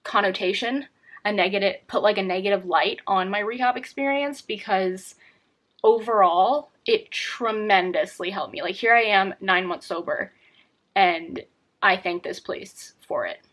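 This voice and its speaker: A woman's voice: medium pitch, a little slow, fairly bright tone. A young woman talking candidly to camera in a personal vlog, rambling with many fillers and restarts. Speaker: vlogger.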